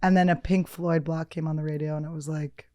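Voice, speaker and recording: A woman in her thirties co-hosting a podcast, telling crude, animated stories in casual chat. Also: low voice, a little fast, slight background noise. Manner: animated, crude jokey storytelling. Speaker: podcast co-host.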